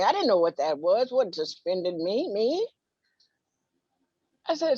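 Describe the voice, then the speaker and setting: A woman's voice: fairly high pitch, big pitch swings, measured pace, a little mellow, slightly rough, no echo. A woman, telling a personal story and acting out childhood dialogue. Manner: acts out childhood dialogue, sings a playground rhyme. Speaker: minister and storyteller guest. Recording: dull, dry, muffled sound.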